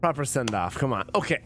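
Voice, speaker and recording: A man's voice: a little high, gravelly, fairly bright tone, a little hiss or hum. A drunk man streaming a story game, rambling, swearing and chatting with his viewers. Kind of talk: casual let's-play commentary.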